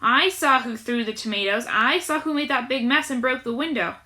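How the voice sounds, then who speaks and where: Woman voicing a shrill boy, high, breathless, accusing, bright storybook voice. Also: normal speed. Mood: excited. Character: shrill excitable boy tattletale.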